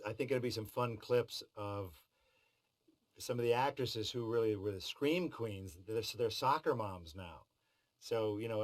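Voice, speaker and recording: A man's voice: mid-range voice, rough recording. A middle-aged man talking in a behind-the-scenes interview about voice work, with a wry, joking manner. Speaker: voice actor in behind-the-scenes feature. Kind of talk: interview talk.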